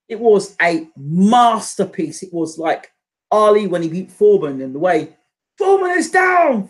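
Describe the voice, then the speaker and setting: A man hosting a boxing channel, giving his casual, opinionated reaction commentary with lots of fillers and restarts. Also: sits high.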